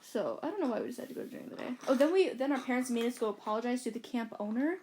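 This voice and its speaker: Chatty woman with a higher voice. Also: expressive, very fast, a little mellow, a little hiss or hum. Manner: rambling, filler-heavy, quotes people. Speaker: podcast co-host. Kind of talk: casual chat, storytelling. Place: bedroom.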